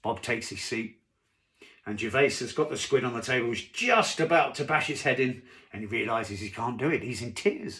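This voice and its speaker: A man's voice: medium pitch, animated, normal speed, bright, forceful tone. A man casually telling a long joke to camera from home, rambling with asides and fillers. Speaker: joke teller. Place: home during lockdown.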